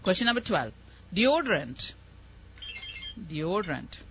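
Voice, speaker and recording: A woman's voice: on the low side, big pitch swings, unhurried, fairly bright tone, a little hiss or hum. A woman running a live spelling contest as quizmaster, encouraging and explaining words patiently. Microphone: microphone. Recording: muffled lo-fi recording.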